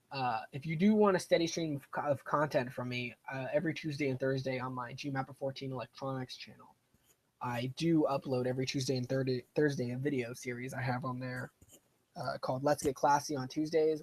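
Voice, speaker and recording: A man's voice: mid-range voice, steady tone, fairly quick. Rambling young man streaming a game. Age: young adult. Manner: rambling, chatty, self-deprecating. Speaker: gaming streamer. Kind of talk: casual live-stream commentary while playing.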